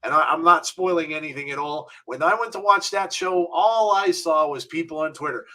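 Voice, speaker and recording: Bright-voiced laughing man co-host. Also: fairly high pitch, a little fast, hardly any pauses. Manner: laughs often, exasperated. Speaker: podcast co-host. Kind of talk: casual chat.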